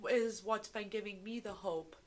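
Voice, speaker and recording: A woman's voice: mid-range voice, normal speed, crowd noise. A young woman, a young mother, talking earnestly and from the heart with her mom on a podcast, swearing casually. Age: young adult. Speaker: podcast co-host, daughter. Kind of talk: casual chat.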